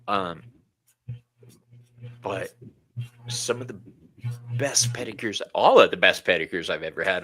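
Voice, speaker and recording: A man hosting a casual chat, candid and quick to laugh, swearing casually as he talks. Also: fairly low pitch, a bit bright. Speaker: host.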